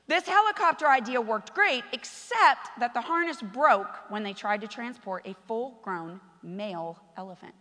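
A woman pastor preaching a passionate sermon that swings between loud exhortation and quiet storytelling. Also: fairly high pitch, expressive, normal speed, big-room sound.

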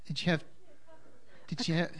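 A man leading a congregation's communion service, speaking in an unhurried, halting way with fillers. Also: a bit bright. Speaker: congregation leader. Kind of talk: communion service talk with Hebrew blessings.

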